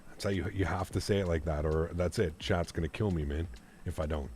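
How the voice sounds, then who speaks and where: A man's voice: low voice, steady tone, a little fast, a little mellow. A young man streaming a flight sim, chatting casually with his viewers, joking and playing with how place names are pronounced. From Canada. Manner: chatty, joking, plays with pronunciations. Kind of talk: casual live-stream chat.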